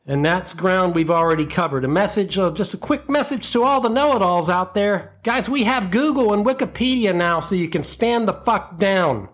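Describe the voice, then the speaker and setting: A man hosting a comedy podcast, ranting in an animated, profane, mock-outraged monologue into a close mic. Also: high voice, moderate pace, few pauses.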